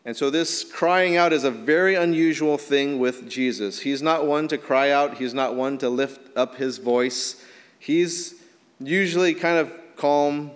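A male pastor preaching a sermon, swinging from emphatic rises to soft, quiet drops. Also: mid-range voice, long reverb tail. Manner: earnest preaching, rising emphatic then dropping soft.

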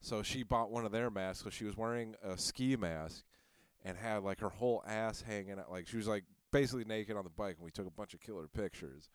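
Podcast host, young Midwestern man, low smooth voice, crude storyteller. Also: fairly quick, no room sound, studio quality. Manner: crude, profane storytelling with many fillers. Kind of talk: casual podcast chat.

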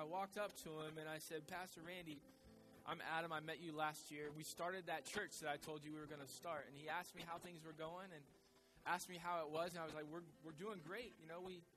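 A man's voice: on the high side, fairly bright tone. A male pastor preaching a sermon in a conversational way, repeating his key phrases for emphasis.

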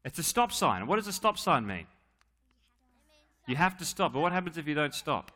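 Man, children's talk at church, teasing, animated, sharp clear tone. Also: on the high side, moderate pace. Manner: joking, teasing, coaxing children.

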